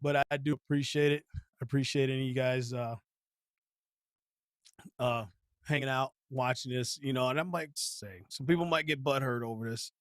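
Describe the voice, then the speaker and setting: A man's voice: mid-range voice, fairly even intonation, moderate pace, long pauses, no room sound, studio quality. A man hosting a live stream, ranting bluntly about sports with heavy slang and repetition. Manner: heated, blunt, slangy, repeats himself. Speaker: channel host.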